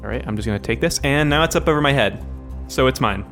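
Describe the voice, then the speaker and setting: A man's voice: mid-range voice, animated, quick pace, fairly bright tone, faint music behind. A man doing an improvised comedy scene, mock-serious and playful.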